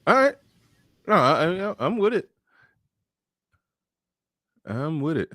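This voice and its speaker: A man's voice: on the high side, sing-song, slow, sharp tone, no echo, clean studio sound. A man hosting a podcast in casual political chat, loose and profane, laughing often and restarting his sentences. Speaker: podcast host.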